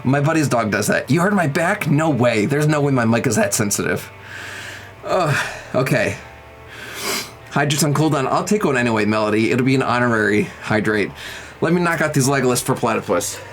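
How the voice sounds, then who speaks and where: A man's voice: medium pitch, animated, moderate pace, rough recording. Young guy streaming, joking with chat, voice bouncing all over, bit of music behind. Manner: playful, joking with chat, counting out exercise reps. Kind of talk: casual live-stream chat.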